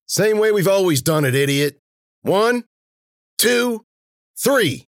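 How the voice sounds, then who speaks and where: A bossy, short-fused thug, as a man acts him out snarls his orders in a loud voice pushed far up in pitch. The reading is bone dry and close, an audiobook with no room around it. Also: lively intonation, takes it slowly, dry recording. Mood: angry.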